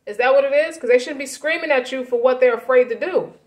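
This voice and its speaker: A woman giving a casual tarot reading to her viewers, brash and profane, swinging from loud hype down to low muttering. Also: quick pace. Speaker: tarot reader.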